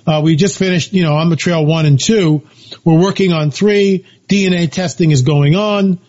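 High-pitched guy on an interview, emphatic, keeps repeating himself, muffled audio. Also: normal speed, a little mellow. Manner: emphatic, repeats phrases, many fillers. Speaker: author and researcher guest. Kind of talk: animated storytelling interview talk. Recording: dull lo-fi audio.

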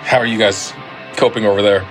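A man calling into a podcast, chatting casually and acting out quotes in a lively way. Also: fairly low pitch, a little fast, music in the background. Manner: lively, animated, acts out quotes. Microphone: teleconference call.

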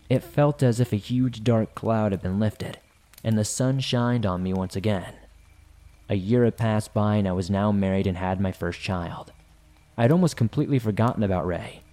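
A man hosting a horror podcast, reading a first-person scary story in a measured, deliberate way. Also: fairly low pitch, dark tone. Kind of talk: scripted horror narration.

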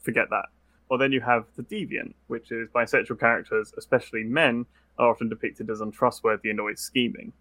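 A young British man talks in a relaxed podcast conversation, jumping into little acted-out quotes as he goes. His voice is bright and forward, recorded close and dry with no room around it. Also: mid-range voice, no echo. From Britain. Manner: quick, animated, acts out quotes. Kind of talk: casual podcast chat.

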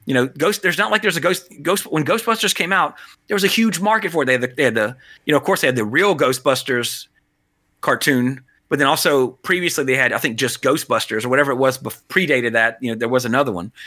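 A man's voice: medium pitch, fast, bright, forceful tone, no echo, clean studio sound. A man co-hosting a podcast, chatting casually about movies in a rambling way, full of restarts and fillers. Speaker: podcast co-host.

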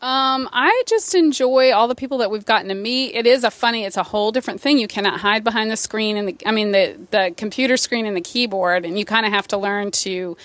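A woman's voice: medium pitch, brisk, hardly any pauses, fairly bright tone, dry recording. Laid-back Southern US woman guest. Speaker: podcast guest. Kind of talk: casual interview answers.

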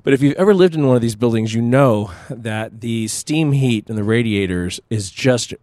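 A middle-aged man co-hosting a podcast in casual chat, telling a story in a meandering way with many pauses and restarts. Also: medium pitch, animated, a little mellow, dry recording. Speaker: podcast co-host.

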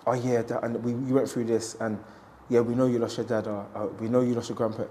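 A man's voice: medium pitch, flat delivery, quick pace, mellow, a little hiss or hum. Male boxer guest, candid and reflective, mid-range voice, conversational interview. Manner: open, reflective storytelling with quoted asides.

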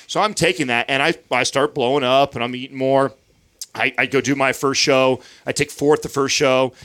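A man in his thirties hosts a podcast, telling a long story in casual chat at a moderate pace. His mid-range voice is a bit bright with fairly even intonation, and he swears freely while acting out what others said.

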